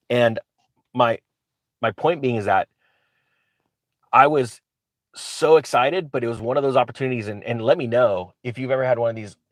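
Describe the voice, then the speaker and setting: A low-pitched man talks to camera like a channel host, eager and rambling, often stopping to restart his sentences. The sound is close and dry, with no room echo. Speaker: real estate investor and channel host. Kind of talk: casual talk to camera.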